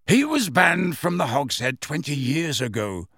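A man's voice: a little high, very animated, measured pace, sharp tone, no room sound, clean studio sound, exaggerated voice. A man doing a wry, self-assured grown man.

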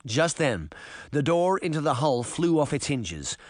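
Man, expressive audiobook narration, animated pitch, dry close sound. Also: unhurried, no room sound. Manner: expressive, dramatic. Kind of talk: scripted narration.

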